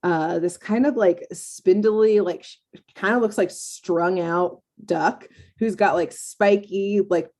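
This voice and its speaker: A woman's voice: fairly low pitch, steady tone, slow pace, darkish tone. A woman co-hosting a podcast, recapping a cartoon episode in a loose, rambling way, full of fillers and laughter. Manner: rambling, filler-heavy storytelling with frequent laughs. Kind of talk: casual chat.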